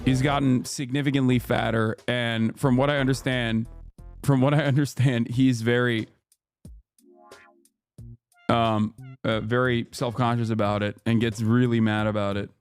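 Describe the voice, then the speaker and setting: A man in his thirties giving sarcastic, incredulous livestream commentary on posts, jumping to sudden high exclamations. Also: steady tone, a little slow, clean tone, soft background music. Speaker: streamer reacting to posts.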